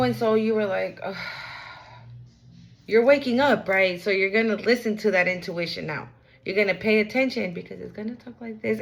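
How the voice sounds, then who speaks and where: A woman's voice: mid-range voice, fairly bright tone, low-quality recording. Frank streetwise woman giving a reading. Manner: frank, repetitive, streetwise slang. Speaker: tarot reader. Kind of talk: casual spiritual reading.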